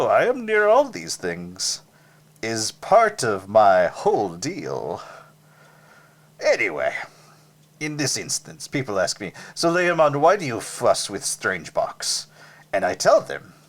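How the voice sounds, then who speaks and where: A man voicing a vain, eccentric male tinkerer who speaks in halting broken English and is grandly full of himself, in an actual play podcast. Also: lowish voice, a bit bright, exaggerated voice. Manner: halting broken English that drops small words; grandly self-regarding.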